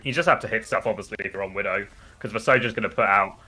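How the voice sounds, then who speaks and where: A British man with a bright, forceful voice that sits fairly low, talking loosely and at length as he commentates a live game. He drifts into rambling asides, then jumps up in energy when the action heats up. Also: quick pace, breathy edge. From United Kingdom. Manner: chatty and rambling, with excited bursts on plays. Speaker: esports commentator.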